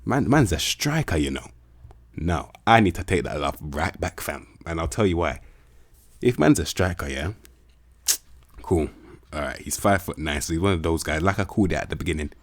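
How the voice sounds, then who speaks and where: A man's voice: sits low, moderate pace, dry recording. A young man giving casual, slang-heavy game commentary and swearing freely as he hypes up players. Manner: slangy, swears a lot, animated hype. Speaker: gaming video host.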